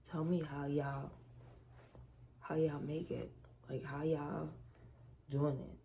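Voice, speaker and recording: A stressed, exhausted woman venting to her vlog viewers in a weary, halting way. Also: deep voice, creaky, mellow, a little hiss or hum. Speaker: vlogger.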